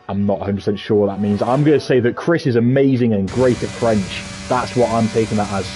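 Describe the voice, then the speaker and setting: A man with a Scouse accent commentating a sim racing league, excitable and jokey. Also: moderate pace, a little hiss or hum. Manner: excitable and jokey, pitch leaping on big moments. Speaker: race commentator.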